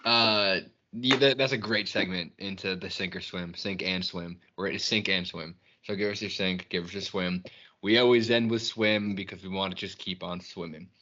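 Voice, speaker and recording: A man co-hosts a casual sports podcast in a low, bright, forceful voice. He rambles loosely and swears freely. The recording sounds slightly dull. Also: steady tone, normal speed. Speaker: podcast co-host.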